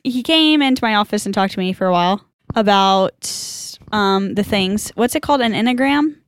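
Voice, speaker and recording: Woman podcast host, chatty and bubbly; clean, smooth voice, dry booth sound. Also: medium pitch, normal speed, no room sound. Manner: bubbly, chatty, many filler likes. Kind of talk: casual chat.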